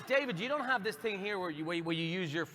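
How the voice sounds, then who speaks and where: A man with an Irish accent, an actor on a convention panel, telling animated stories with laughs and restarts. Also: high voice, quick pace. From Ireland. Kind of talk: casual storytelling Q&A. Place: large convention hall. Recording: hall reverb, faint crowd hiss.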